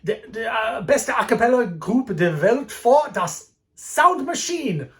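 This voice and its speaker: Give me a man playing a grand German announcer with a put-on German accent, high and slow. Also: sing-song, a bit bright, heavily acted. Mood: grandiose. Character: theatrical male German event announcer.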